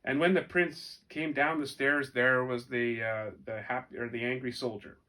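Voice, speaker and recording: A man telling a folk tale for children and then asking his listeners gentle questions, with animated, expressive delivery. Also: mid-range voice, normal speed. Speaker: storyteller. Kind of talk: storytelling for children.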